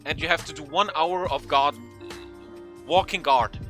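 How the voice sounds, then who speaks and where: Young guy telling a story, bright voice, kinda high, faint music in the back. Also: unhurried. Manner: animated, swearing, acts out quotes in a raised voice. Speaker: vlogger. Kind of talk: casual storytelling.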